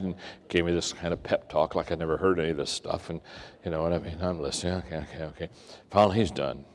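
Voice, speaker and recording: An older man giving a leadership talk, telling stories and acting out the people in them with big swings in voice. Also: quick pace. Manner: animated, acts out quoted voices with big pitch swings. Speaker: leadership speaker. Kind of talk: storytelling keynote talk. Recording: long reverb of a large hall.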